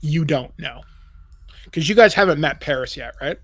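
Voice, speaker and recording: A man running a tabletop game as game master, with brisk, descriptive narration. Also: fairly high pitch, expressive, a crowd in the background.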